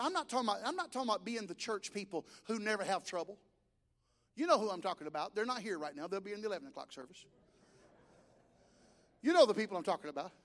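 High-voiced preacher storytelling to a congregation. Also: male voice. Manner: storytelling and exhorting, rising to shouts. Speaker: pastor. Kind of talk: sermon.

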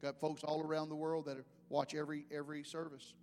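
A man's voice: fairly high pitch, monotone, a little fast, a little mellow, slight background noise. A man preaching a sermon as pastor, telling folksy stories with emphasis. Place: church sanctuary. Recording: long hall reverb, faint music.

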